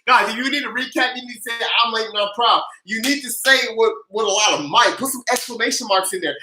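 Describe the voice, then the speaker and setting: An energetic livestream host who recaps tax and stimulus news, greets viewers by name and leads playful chants and countdowns in casual slang. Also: mid-range voice, fast, hardly any pauses, reverberant, rough recording.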